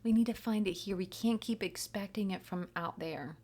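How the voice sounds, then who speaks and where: A woman's voice: medium pitch, normal speed, a little mellow. A woman doing a spiritual reading, talking to her viewers in a chatty, rambling, encouraging way with a self-mocking streak. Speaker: spiritual reader, channel. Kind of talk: casual spiritual pep talk to camera.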